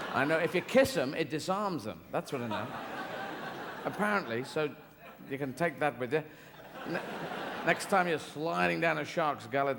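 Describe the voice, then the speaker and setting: Male stand-up comic, rambling and whimsical, slightly high, gravelly edge; live theatre recording with a long reverb tail and audible crowd. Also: background noise. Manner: rambling, whimsical, slips into silly voices. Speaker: stand-up comedian. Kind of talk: stand-up comedy routine. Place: large theatre stage.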